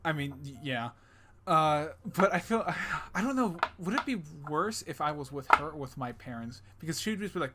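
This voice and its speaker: A man's voice: on the high side, animated, normal speed, very noisy. A young man co-hosting a podcast in loose, jokey casual chat, swearing freely and slipping into silly voices. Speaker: podcast co-host.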